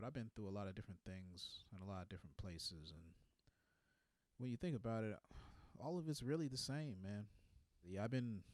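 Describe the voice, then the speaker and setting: A man's voice: on the low side, a little mellow, dry recording. A man in his twenties doing a rambling comedic monologue, laid-back and tagging his lines with "man". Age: 20s.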